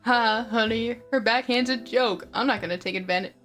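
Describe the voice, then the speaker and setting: A woman's voice: a little high, moderate pace, fairly bright tone, faint music behind, close to an everyday voice. A woman reading aloud as a smug, jealous young boyfriend, in a plain script-reading manner.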